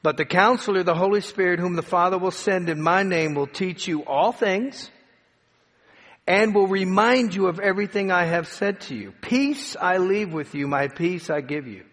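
Preacher man with a fairly high voice in a reverberant hall. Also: a bit bright. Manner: dramatic preaching with slowed emphatic phrases and rising peaks. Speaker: pastor. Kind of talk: sermon.

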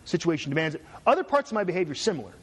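A middle-aged male professor lecturing a class, his voice sitting a little high for a man. He talks in a dry, sarcastic way and slips jokes into his points. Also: very animated, racing, slightly rough. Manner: sarcastic, joking asides. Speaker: university lecturer.

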